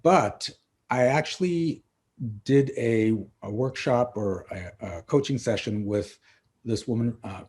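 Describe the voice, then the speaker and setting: A middle-aged man, a coach and author, guesting on a podcast and telling lively stories, acting out the dialogue. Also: mid-range voice, takes it slowly, slightly rough. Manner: animated storyteller acting out dialogue. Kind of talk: casual interview storytelling.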